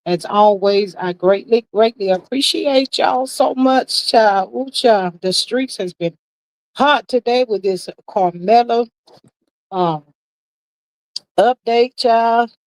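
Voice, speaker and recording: Woman, livestream host, chatty, slangy, reads out chat, highish voice, dry sound. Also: slow pace, a little mellow, no room sound, rough recording. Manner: Southern slang, calls everyone child.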